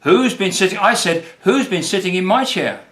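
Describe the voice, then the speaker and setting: A man voicing a big male papa bear in a storybook reading, loud and indignant. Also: a little high, moderate pace, pitched above the performer's own voice, close to an everyday voice. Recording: roomy echo.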